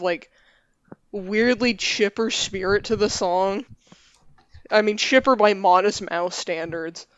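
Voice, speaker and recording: Earnest young woman, smooth voice. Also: mid-range voice, no room sound, muffled recording. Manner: earnest, rambling, full of "like". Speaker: podcast guest. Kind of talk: casual podcast chat.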